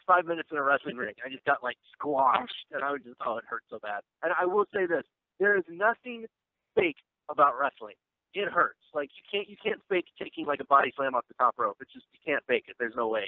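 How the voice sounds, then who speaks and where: A man with a slightly high, very animated voice talks a little fast over a tinny, dry phone line. He's an actor and filmmaker being interviewed about his film, rambling casually with lots of fillers and restarts.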